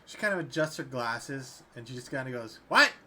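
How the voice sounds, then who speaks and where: A man's voice: medium pitch, a little fast, bright, forceful tone. A man narrating as dungeon master in a tabletop game, laid-back and easygoing in tone.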